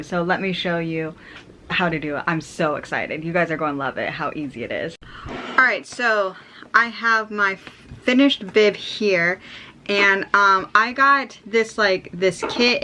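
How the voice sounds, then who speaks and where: Explaining a sewing project in a chatty, upbeat how-to, this American woman in her thirties, a sewing vlogger, fills her talk with ums and likes. Her mid-range voice is bright and forceful, and there's a little hiss or hum.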